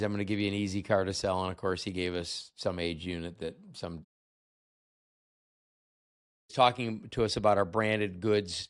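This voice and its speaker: A man's voice: on the low side, fairly bright tone, smooth. A middle-aged man hosting an interview, reflecting in a rambling, conversational way. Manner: reflective, rambling, with many restarts. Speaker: podcast host.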